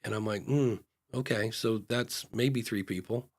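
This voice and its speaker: A man's voice: on the low side, steady tone, measured pace. A man co-hosting a live podcast advice show, talking frankly in a loose, casual way with fillers and restarts, and acting out short dialogues in different voices. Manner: acts out little back-and-forth dialogues in changing voices. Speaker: podcast consultant and co-host.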